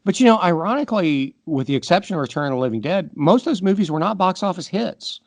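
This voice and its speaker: A man's voice: sits high, expressive, fast talker, no room sound. A middle-aged man co-hosting a podcast, giving firm opinions on a film and backing them with examples. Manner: opinionated, makes points with examples. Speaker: podcast co-host. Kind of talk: casual movie discussion.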